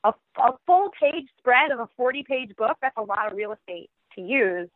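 A woman who writes children's books, answering interview questions in an animated way and acting out children's voices as she tells it. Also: fairly high pitch, normal speed, no echo. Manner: animated, acts out children's voices while telling. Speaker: children's book author. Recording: tinny phone line.

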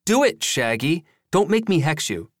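A man voicing an excitable, teasing young man in an audiobook, using a high, goofy, bossy voice. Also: normal speed, no room sound, studio quality. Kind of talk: audiobook character voice.

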